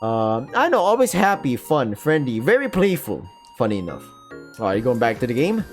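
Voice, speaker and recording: A man's voice: mid-range voice, wildly swooping pitch, normal speed, faint music behind. A Filipino man hosting a let's play, casually narrating a visual novel and rambling with self-deprecating asides. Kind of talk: casual game commentary and narration.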